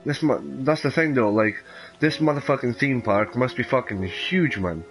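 A man commentating while playing a horror game, cursing freely and reacting loudly. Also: medium pitch, normal speed, soft background music, rough recording. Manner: profane, animated, reacts loudly. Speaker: gameplay commentator. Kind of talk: let's play commentary.

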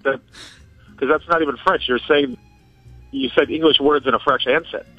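A man's voice: fairly high pitch, moderate pace, dry recording, soft background music. Hesitant man on a muffled phone line. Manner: hesitant, defensive. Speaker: prank call victim.

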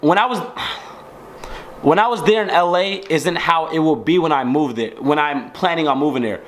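A man's voice: a little high, normal speed. Rambling young man vlogging at home. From Georgia, US. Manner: rambling, slangy, restarts a lot. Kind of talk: casual chat to camera. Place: at home indoors.

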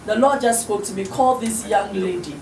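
A woman's voice: mid-range voice, normal speed, a little mellow. Earnest woman minister, roomy distant sound. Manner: earnest encouraging, acts out quoted voices. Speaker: guest minister. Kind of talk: interview. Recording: roomy studio audio from a distant mic, faint hiss.

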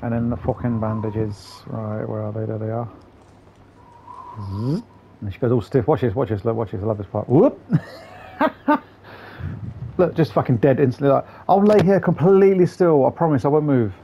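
A man's voice: medium pitch, fairly quick, highs cut off. A man hosting a gaming channel, giving chatty, profane, grumbling let's-play commentary. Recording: game engine noise behind voice.

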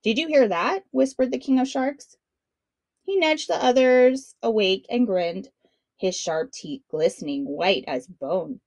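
A woman's voice: medium pitch, takes it slowly, no room sound. Woman reading a children's story aloud. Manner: bright, friendly storytelling to children. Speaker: storybook reader. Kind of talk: children's read-along narration.

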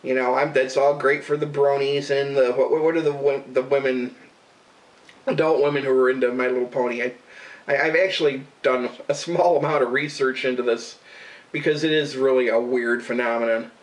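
A man's voice: mid-range voice, fairly even intonation, normal speed, distant mic, poor audio. A man ranting casually, rambling and swearing, with an exasperated, disbelieving manner. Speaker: radio show regular and vlogger. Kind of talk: casual profane rant to camera.

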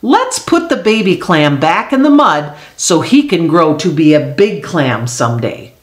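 A woman voicing a patient, kindly father who answers gently and reassuringly. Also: on the low side, very animated, a little slow. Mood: gentle. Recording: echoey room.

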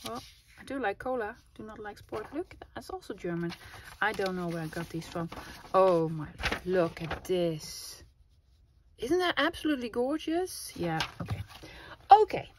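A woman chatting casually to her viewers and to herself while making a collage, laughing often. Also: medium pitch. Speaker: craft vlogger. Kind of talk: casual crafting vlog chat. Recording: clear background noise with clicks.

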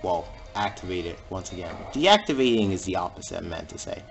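A man giving jokey let's-play commentary over a video game and reacting with sudden loud exclamations. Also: sits low, lively intonation, brisk, creaky, faint music behind. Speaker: gamer playing through a video game.

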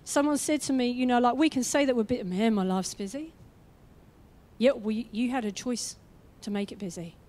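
Woman, young adult, sermon, high pitched, energetic, conversational, acts out quoted voices. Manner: energetic and conversational, with quick asides. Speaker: guest preacher.

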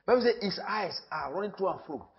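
A man with a Nigerian accent preaching a sermon in church. He talks with emphasis, repeats his phrases and swings from loud to hushed. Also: sits high, animated, quick pace, gravelly, dull audio. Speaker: pastor.

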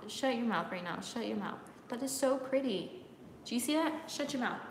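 With lively intonation and a moderate pace, a makeup vlogger playfully teases her viewers and slips in during a casual tutorial with live comments, often laughing and going into high sing-song bits. The echoey room has long reverb, plus a slight hiss or hum.

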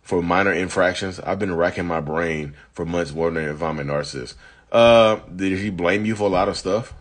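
A man's voice: deep voice, moderate pace. A man hosting a casual live chat, reading viewer comments and answering bluntly, still coughing from an illness. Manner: blunt, chatty, addresses viewers as y'all. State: getting over illness, coughing. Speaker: live-stream host.

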